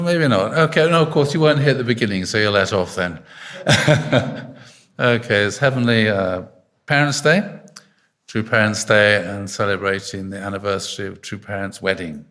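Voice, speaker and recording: A man's voice: fairly low pitch, lively intonation, moderate pace, a bit bright. Chatty male preacher quizzing his congregation. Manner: chatty, quizzes listeners with frequent fillers. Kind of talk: informal sermon with congregation questions. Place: arts centre hall.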